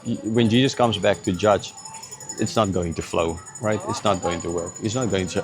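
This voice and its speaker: A man's voice: fairly low pitch, normal speed, soft background music. A man giving an earnest, conversational Bible teaching, often checking in with "right?" and "okay". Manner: earnest, conversational, drops into mocking imitations. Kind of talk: informal Bible teaching to camera.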